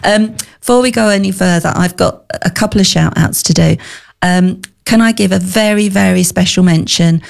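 A woman's voice: lowish voice, moderate pace, creaky. A middle-aged woman hosting a business talk show, chatty with lots of fillers. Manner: chatty, warm laughs, many fillers. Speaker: podcast host. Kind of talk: casual chat.

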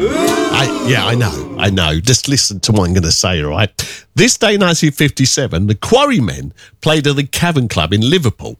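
A man's voice: normal speed, no room sound, studio quality. A man presenting a radio music show in a chatty, self-deprecating way. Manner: chatty, self-deprecating, lively swoops in pitch.

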